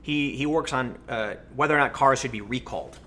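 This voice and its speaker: An American man hosting a livestream, answering chat questions and telling stories in a casual, animated way. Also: mid-range voice, brisk. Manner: animated storytelling, acts out voices in anecdotes. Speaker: livestream host.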